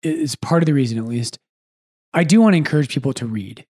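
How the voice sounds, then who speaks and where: A man's voice: mid-range voice, breathy edge. A man who is a priest and podcast host, chatting casually and with animation, often breaking off to correct himself. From United States. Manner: animated, quick asides, self-correcting.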